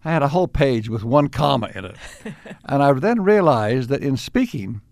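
Older man telling unhurried stories. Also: medium pitch, very animated, darkish tone, no room sound, clean studio sound. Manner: unhurried, with frequent restarts and chuckles. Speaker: interviewee. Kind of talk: reflective storytelling.

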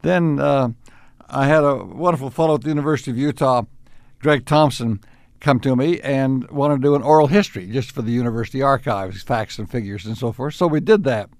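An older man being interviewed, recalling his life in unhurried stories with frequent restarts and small chuckles. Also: medium pitch, darkish tone, dry recording. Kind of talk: reflective storytelling.

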